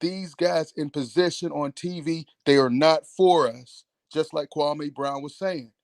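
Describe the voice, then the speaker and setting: A caller phones in to a radio talk show and launches into a heated, emphatic rant laced with profanity. His voice is a little high and a little slow, with no room sound.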